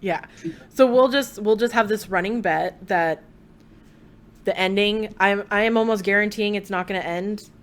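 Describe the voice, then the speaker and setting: A young adult woman with a medium-pitched voice hosts a podcast at a moderate pace. In casual chat, she tells stories animatedly and laughs often.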